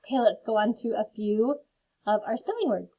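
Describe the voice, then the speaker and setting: A slightly high, animated woman's voice moves at a fairly quick clip through a children's phonics lesson. Carefully sounded-out words alternate with chatty, friendly remarks, all captured in phone-like lo-fi sound.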